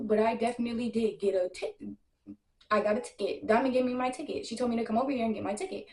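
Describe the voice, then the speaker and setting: A young woman telling a casual storytime, brash and animated, full of slang and profanity, acting out what others said. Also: on the high side, fast. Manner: acts out other people's lines in quotes. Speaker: storytime vlogger. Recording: echoey room.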